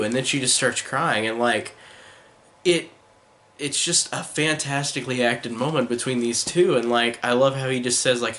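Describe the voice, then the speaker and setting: A man's voice: medium pitch, unhurried, sharp tone. Enthusiastic rambling male film reviewer. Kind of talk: casual spoken film review.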